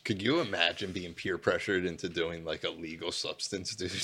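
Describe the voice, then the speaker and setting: A man's voice: low-pitched, steady tone, normal speed, a bit bright, husky. A young man, chatting casually with crude, laid-back humor. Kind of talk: casual chat.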